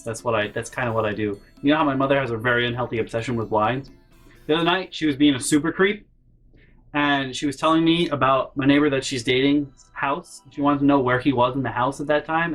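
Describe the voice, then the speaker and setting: A young man telling a rambling, profane storytime rant, exasperated and jumping off topic, often breaking into loud shouts. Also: mid-range voice. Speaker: vlogger.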